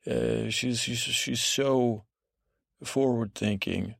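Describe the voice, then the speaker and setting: A man hosting a podcast, rambling through a bedtime TV recap in a meandering, halting way with many restarts and asides. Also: mid-range voice, vocal fry, fairly bright tone, no room sound, clean studio sound. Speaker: podcast host.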